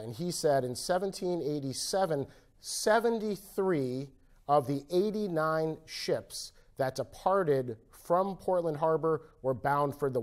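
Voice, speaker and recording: A man's voice: medium pitch, darkish tone. A man giving a public history lecture with slides, talking conversationally with fillers and little asides to the audience. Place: lecture room at a history center.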